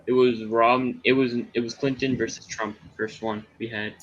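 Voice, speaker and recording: A man's voice: mid-range voice, level tone, normal speed, muffled recording, a little hiss or hum. A young man chatting casually with friends, easygoing and drawling. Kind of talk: casual chat.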